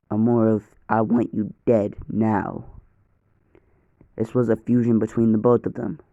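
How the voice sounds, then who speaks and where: A man's voice: fairly low pitch, warm tone, no room sound. A man casually narrating an improvised fan story, rambling and swearing freely, on a dull lo-fi recording.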